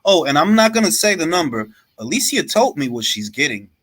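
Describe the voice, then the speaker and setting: A man hosting a casual boxing talk livestream, animated and swearing freely. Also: on the high side, brisk, no room sound. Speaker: host.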